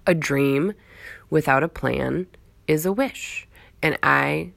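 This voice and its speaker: A woman with a low voice and a gravelly edge, talking straight to her listeners in an earnest, rambling motivational monologue. She circles back on her phrases and repeats them for emphasis. The sound is dry and close, with no room around it. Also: slow pace, a bit bright, no echo. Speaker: motivational speaker.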